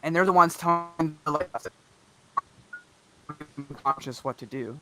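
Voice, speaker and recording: A man chatting casually about books and films, arguing his point quickly with many restarts. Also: fairly high pitch, noisy background. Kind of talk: casual chat.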